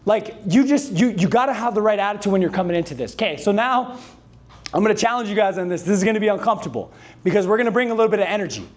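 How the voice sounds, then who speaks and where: Sales trainer, male, very high pitch, loud hype delivery, keeps pulling the room into call-and-response. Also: racing. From Canada. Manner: energetic, hype-driven, calls on the audience to answer and repeat. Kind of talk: motivational speech to a live sales team. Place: dealership meeting room with a live audience.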